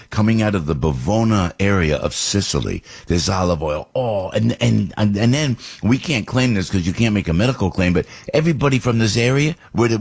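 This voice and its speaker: Radio host, male, husky low voice, chatty rambling monologue. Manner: rambling, animated storytelling with restarts. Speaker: radio talk show host.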